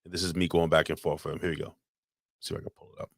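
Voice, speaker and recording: A man's voice: low-pitched, little pitch movement, rapid-fire, vocal fry, slight background noise. A man co-hosting a podcast, telling a long story in crude, rambling casual chat with frequent restarts. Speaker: podcast co-host. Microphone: podcast microphone.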